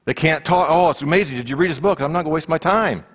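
A man's voice: fairly high pitch, quick pace, a bit bright, long reverb tail. A man preaching a conversational sermon, acting out the voices of the people in the story.

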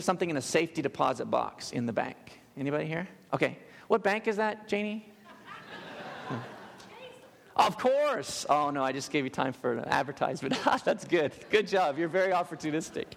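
A man preaching a sermon as a pastor, animated and joking with the congregation in a church. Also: on the high side, creaky. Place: church sanctuary. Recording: long hall reverb.

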